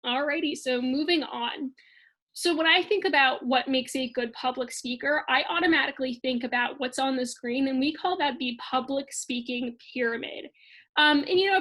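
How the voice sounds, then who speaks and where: A young woman with a high voice gives an online lesson for kids. She speaks clearly and expressively, with upbeat emphasis. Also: fairly bright tone, low-quality recording. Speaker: teacher.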